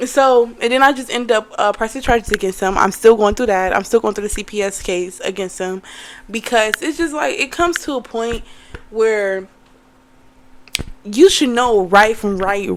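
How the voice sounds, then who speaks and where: A young woman telling a story in a casual vlog, animated and cursing, talking to viewers as y'all. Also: fairly high pitch. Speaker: vlogger.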